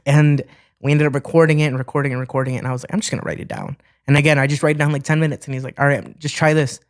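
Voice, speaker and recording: A man's voice: on the high side, very fast. A young man from Ohio, a musician guest, telling stories casually in an interview and acting out what people said. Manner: animated, acts out quoted dialogue.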